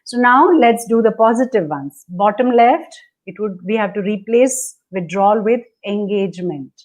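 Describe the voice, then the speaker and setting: A woman's voice: medium pitch, animated, moderate pace, a little mellow. A woman coaching on relationships, dictating step by step over a video call and acting out the attitudes she describes. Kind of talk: instructive conversation.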